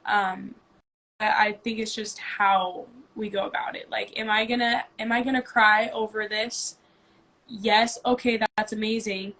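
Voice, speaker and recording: A woman's voice: medium pitch, level tone, a little slow, bright, forceful tone. A woman co-hosting a casual live-stream chat, talking earnestly and thinking aloud as she coaches a kids' team. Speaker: co-host and youth basketball coach.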